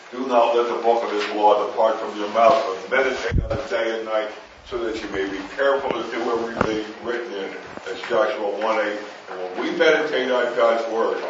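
A low-voiced man speaks up from the back of a class, far from the mic. His voice bounces around a very echoey room. He is earnest and trips over his last point. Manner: earnest, stumbles and restarts at the end. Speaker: class participant, teacher's son. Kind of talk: adding a comment in class. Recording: echoey room from far off, dull with background noise.

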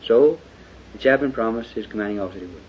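A man preaching a sermon in a folksy way, dropping to hushed confession and then rising to fervent shouting. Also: lowish voice, fast talker. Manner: folksy, with lots of "you know". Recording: dull lo-fi recording with faint hiss.

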